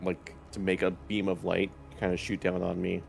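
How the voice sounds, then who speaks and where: A man's voice: sits low, monotone, moderate pace, creaky, faint music behind. A man playing a tabletop game, rambling and saying "like" a lot. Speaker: player. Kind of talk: casual tabletop play.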